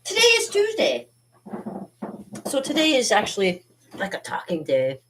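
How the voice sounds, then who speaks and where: A woman's voice: mid-range voice, wildly swooping pitch, normal speed, background noise. A middle-aged woman hosting a live art stream from her home studio, chatting playfully and rambling with frequent laughs. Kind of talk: casual live-stream chat.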